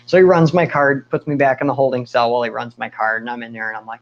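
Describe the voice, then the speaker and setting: Man, casual personal storytelling, candid, animated asides, muffled lo-fi sound. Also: mid-range voice, quick pace, hardly any pauses. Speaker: speaker sharing his testimony.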